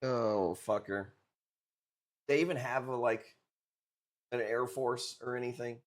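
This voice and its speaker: A man's voice: medium pitch, steady tone, a little slow. A man streaming live, chatting casually with viewers and joking in a brash, profane way.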